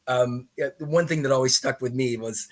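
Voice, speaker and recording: A middle-aged man, a podcast guest, telling an animated story full of restarts and asides. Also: mid-range voice, a little fast. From Canada. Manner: lively, with many restarts and asides.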